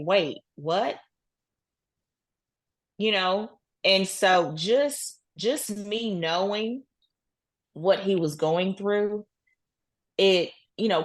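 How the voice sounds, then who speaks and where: Woman guest, slow and earnest, lowish voice, lots of "you know". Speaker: guest, cancer survivor. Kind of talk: casual interview talk.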